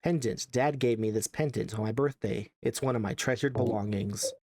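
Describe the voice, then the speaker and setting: A man's voice: medium pitch, normal speed, a little mellow, dry recording, clean studio sound. A man casually commentating a horror video game as he plays, wry and chatty, reading the on-screen text aloud. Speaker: let's play gamer.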